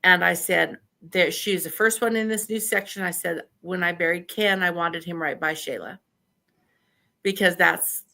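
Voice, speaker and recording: Older idaho lady, bright voice, tells stories in a chatty way and acts out the quotes, laughs a lot. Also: lowish voice, creaky. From Idaho, USA. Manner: animated storyteller who laughs often and acts out quotes. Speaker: podcast guest. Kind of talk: casual storytelling interview.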